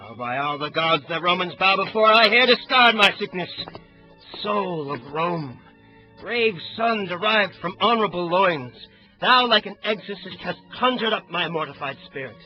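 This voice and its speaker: An actor voices an ailing Roman who rallies ardently in a Shakespeare audio drama. His voice sits high. The recording is dull and lo-fi, with faint music. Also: expressive, normal speed. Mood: fervent. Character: sick Roman man, roused to fervor.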